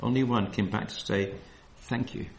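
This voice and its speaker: Man preaching, slow emphatic scripture reading. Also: lowish voice, steady tone, creaky, a little hiss or hum. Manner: reads scripture slowly and emphatically, loose asides with fillers. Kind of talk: sermon, Bible study.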